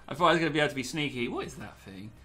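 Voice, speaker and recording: A man's voice: fairly high pitch, expressive, racing, sharp tone. A young man commentating gameplay with a lot of energy, yelping, laughing and slipping into pirate growls.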